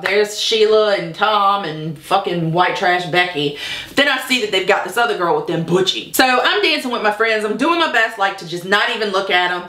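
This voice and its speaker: A woman's voice: mid-range voice, bright, forceful tone, echoey room. A woman telling a personal story to the camera in a candid, blunt way, swearing freely. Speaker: vlogger. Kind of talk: casual storytelling.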